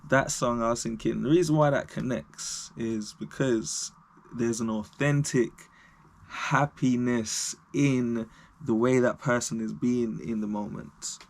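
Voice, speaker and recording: A man's voice: mid-range voice, steady tone, a little slow, gravelly. A man vlogging to camera, talking unscripted in a reflective, rambling way and laughing at himself.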